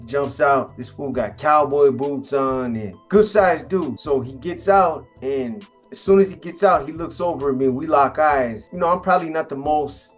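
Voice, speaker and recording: A man's voice: fairly high pitch, moderate pace, hardly any pauses, faint music behind. A middle-aged man with a Californian accent telling a story casually, in blunt street slang, acting out the quoted voices. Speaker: storyteller host.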